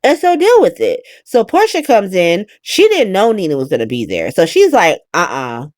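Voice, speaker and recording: A woman's voice: medium pitch, huge pitch swings, normal speed, a little mellow, dry recording, clean studio sound. A woman casually recapping a soap opera as host, blunt and profane, acting out the characters' lines.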